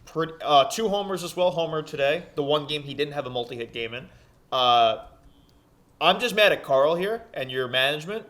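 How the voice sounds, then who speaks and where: A man co-hosting a baseball chat, speaking in a slightly higher register. He grumbles along in a mock-annoyed, offhand way. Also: expressive, normal speed, a bit bright. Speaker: podcast co-host. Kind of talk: casual sports chat.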